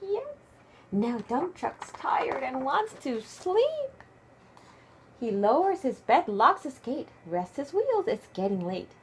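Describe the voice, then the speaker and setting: A woman who speaks Japanese natively, reading a picture book aloud to her child at home at bedtime, expressive and hushed at times. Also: sits high, slow pace, a little hiss or hum. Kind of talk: bedtime story read-aloud.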